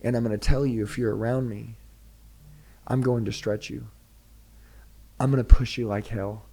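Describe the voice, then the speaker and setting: A man giving an intense motivational pitch as a podcast guest, direct and preachy, firing off rhetorical questions. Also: steady tone, moderate pace, warm tone. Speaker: sales trainer, podcast guest.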